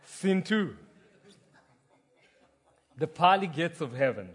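A man pastor preaching a sermon, opening with a quiet prayer and then telling a joke story in an earnest manner. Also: on the high side, very animated, slow, breathy edge. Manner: earnest, storytelling, some restarts.

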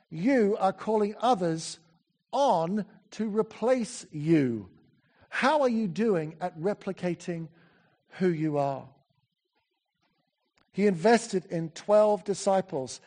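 A man preaching a sermon in a church, chatty and animated, full of asides and self-corrections. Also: high voice.

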